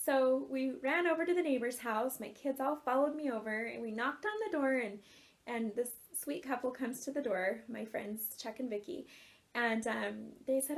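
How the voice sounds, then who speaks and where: A woman in her thirties, an author and life coach, telling a personal story in an earnest, animated way and laughing often. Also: sits high, normal speed, vocal fry.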